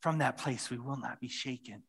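A man's voice: mid-range voice, normal speed, a bit bright, breathy edge. A man preaching a sermon and leading a closing prayer, speaking earnestly and often repeating phrases. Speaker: pastor.

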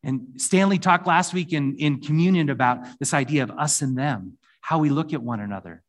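A man's voice: a little high, moderate pace. A man preaching a sermon. He reads scripture passages aloud and then explains them in a conversational way. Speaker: pastor.

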